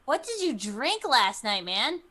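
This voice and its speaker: Woman player, higher voice, sharp and bright, teasing. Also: sing-song, unhurried. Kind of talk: casual tabletop role-play.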